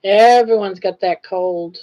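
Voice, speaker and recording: A woman's voice: medium pitch, slow, dark tone. An older woman hosting a casual livestream, reading viewer comments aloud and greeting chatters by name. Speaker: livestream host. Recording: dull lo-fi livestream audio.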